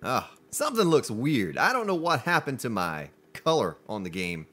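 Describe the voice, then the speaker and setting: Lively-voiced man streaming a game. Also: mid-range voice, moderate pace. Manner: chatty, jokey, talks to viewers. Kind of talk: live gameplay commentary.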